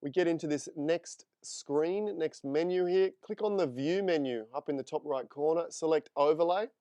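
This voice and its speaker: A friendly male photography instructor leads a live screen-share lesson, talking steps through and replying to viewers. His voice sits a little high and comes across smooth and crisp. The sound is dry and close, with no room echo. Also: moderate pace, mellow.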